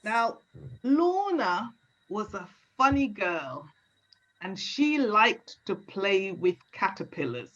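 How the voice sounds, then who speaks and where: Lively woman telling a folk tale. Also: medium pitch. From Caribbean. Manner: expressive, drawn-out storytelling. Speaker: storyteller. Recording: dull lo-fi recording.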